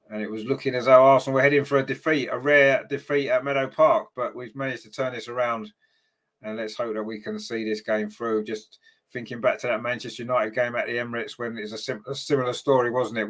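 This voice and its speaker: A man's voice: medium pitch, fairly bright tone. A man hosting a fan watchalong, giving partisan match commentary and reading viewer comments aloud, chatty with lots of ums and tag questions.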